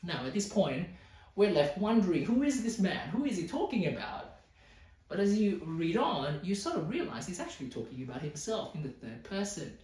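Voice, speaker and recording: A male pastor preaching a sermon, explaining scripture with lively emphasis and playful asides. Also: high-pitched, moderate pace. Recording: roomy hall, voice a bit far from mic.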